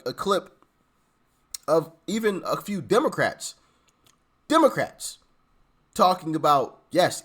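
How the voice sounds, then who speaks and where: A man with a fairly high voice whose pitch swings widely as he riffs on clips. His talk is rambling and casual, full of stammered repeats and laughter. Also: a bit bright. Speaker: channel host reacting to clips. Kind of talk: casual reaction commentary.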